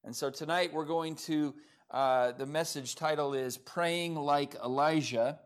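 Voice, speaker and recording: Slightly high-voiced guy preaching a sermon, chatty, lots of uh's. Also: steady tone, measured pace, clean tone. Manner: conversational, many fillers, self-described sarcastic. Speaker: pastor. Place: church in Oklahoma.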